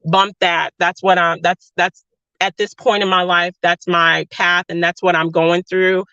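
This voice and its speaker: A woman hosts a casual livestream and answers viewer comments, affectionate and openly emotional. Her voice carries a gravelly, fried edge. The sound is dry and a little dull, like a lo-fi home stream. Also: lowish voice, level tone, a little slow, pushed and bright, no room sound. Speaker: livestream host.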